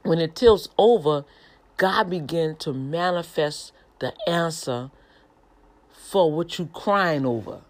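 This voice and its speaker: Low-voiced woman preaching casually. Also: slow. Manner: conversational, animated, addresses listeners as y'all. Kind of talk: informal preaching broadcast.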